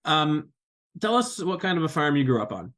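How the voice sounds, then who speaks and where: Male host, thirties, plain and friendly; smooth read-out intro with soft trailing phrase endings, then casual questions. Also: on the high side, big pitch swings, normal speed, rough recording. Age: 30s. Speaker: podcast host.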